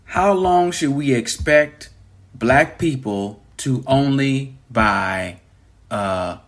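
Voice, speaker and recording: A man interviewing a guest, asking measured, deliberate questions. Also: mid-range voice, expressive, a bit bright.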